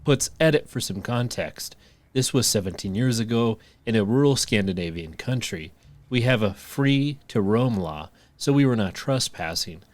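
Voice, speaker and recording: A man's voice: fairly low pitch, expressive, moderate pace. A man co-hosting a podcast, reading stories aloud and joking and laughing between lines. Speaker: podcast co-host.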